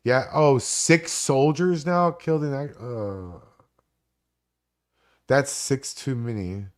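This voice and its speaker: A man's voice: mid-range voice, slow. A man in his forties hosting a live stream, rambling and swearing through casual stories. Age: 40s. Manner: rambling, profane, animated storytelling.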